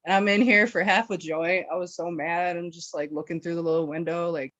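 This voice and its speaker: Her voice sits on the low side, steady and a bit bright, moving fairly quickly with few pauses and no room sound. She's a podcast guest from Wisconsin spinning a profane, filler-packed, rambling story full of laughter, captured in a dull, dry lo-fi recording.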